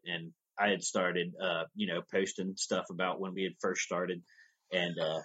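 A man's voice: deep voice, fairly bright tone, husky, dull audio. A man talking as a podcast guest about his audio drama work, in an easygoing, rambling storytelling manner. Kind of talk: casual interview talk.

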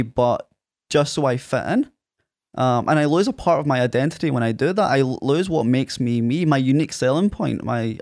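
A Scottish man in his thirties with an Ayrshire accent, chatting as an interview guest. His voice sits at an ordinary middle pitch and comes across dry and close, with no room around it. He tells lively anecdotes and jumps up in pitch when he quotes people. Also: no room sound. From Scotland. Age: 30s. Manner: animated storyteller, acts out quotes in a raised voice. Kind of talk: casual interview.

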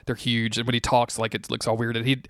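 A man co-hosting a podcast recaps a TV episode in loose, rambling chat, circling back on himself and cursing. His voice sits at an ordinary middle pitch. The recording is close and dry, with no room sound. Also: flat delivery, fast talker, a bit bright, no echo. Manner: rambling, laughing, frequent restarts and swearing. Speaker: podcast co-host.

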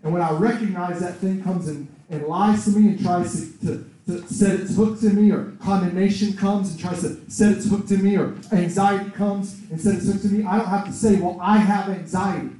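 A man preaching a sermon in a conversational, animated way, acting out quoted voices. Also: high voice, moderate pace, hardly any pauses. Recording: echoey room, far from the mic.

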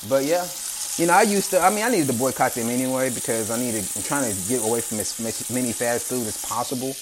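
A man's voice: mid-range voice, fast talker, slight background noise. A man, hosting a podcast and ranting in a casual story about bad restaurant service, acting out each side of the exchange in quoted voices. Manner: animated, acts out both sides of the exchange in quoted voices. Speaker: podcast host.

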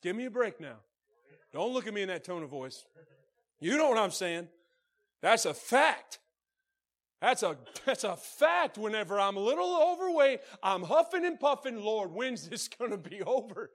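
A man preaching as a pastor speaks at normal speed in a sing-song way. He addresses the congregation directly, alternating soft, low moments with shouts.

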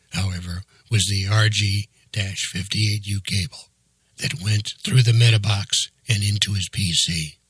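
Low husky guy reading an audiobook, steady and even, super dry close mic. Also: dry recording. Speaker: narrator. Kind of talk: audiobook narration.

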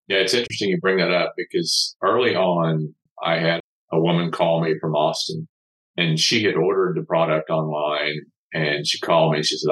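A man's voice: low voice, steady tone, moderate pace, a bit bright, poor audio. A man, a company founder appearing as a podcast guest, telling a heartfelt story in an earnest way. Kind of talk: storytelling in an interview.

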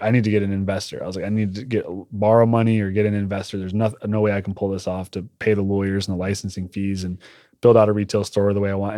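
A young man casually telling a rambling, animated story as a podcast guest, swearing now and then. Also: fairly low pitch, dry recording, clean studio sound. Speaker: podcast guest, cannabis shop owner.

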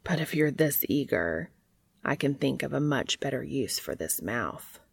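A woman reading fan fiction aloud, voicing a teasing grown man in a husky, low murmur. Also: big pitch swings, unhurried, dry recording, full character voice. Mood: seductive.

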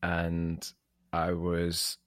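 Low-voiced man, relaxed podcast host. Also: extremely slow, no echo, clean studio sound. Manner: animated storyteller, drops to a hushed near-whisper when savoring a memory. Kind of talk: casual chat.

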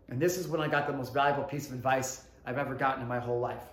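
A man's voice: medium pitch, fairly even intonation, racing, hardly any pauses. Fervent man telling a story in an echoey room. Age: 30s. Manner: earnest, swings from hushed to fervent, addresses viewers directly. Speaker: motivational vlogger. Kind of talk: emotional motivational storytelling.

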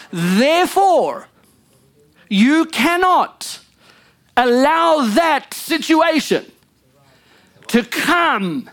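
Animated woman pastor preaching a sermon. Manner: animated preaching, frequent "come on" and "amen"; wide swings between loud emphasis and low murmured asides.

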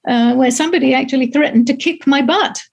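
A woman's voice: high voice, quick pace, vocal fry, breathy edge. A woman reviewing a film on a radio show in a wry, amused, chatty way. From abroad, two countries outside America. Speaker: film critic. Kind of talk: casual radio chat.

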